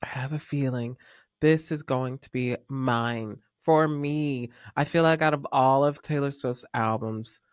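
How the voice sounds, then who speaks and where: A man hosting a casual pop music podcast, talking in an excitable, gushing fan manner with sudden whispers. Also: mid-range voice, measured pace, clean tone, no room sound, clean studio sound. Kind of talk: casual chat.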